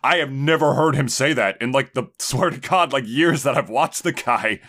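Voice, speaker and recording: A man's voice: mid-range voice, normal speed, a bit bright. A man co-hosting a podcast in casual chat, joking crudely and laughing often. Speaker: podcast co-host.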